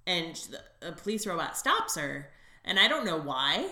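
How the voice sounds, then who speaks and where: A woman's voice: fairly low pitch, very animated, normal speed, bright, forceful tone, roomy sound. A woman in casual chat about a comic, blunt and casually swearing. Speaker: co-host discussing a comic.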